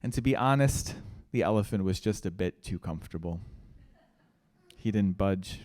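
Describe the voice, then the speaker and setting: A man, a guest speaker, telling a children's story in a sermon, gentle and trailing off quietly at line ends. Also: low voice, moderate pace, no echo.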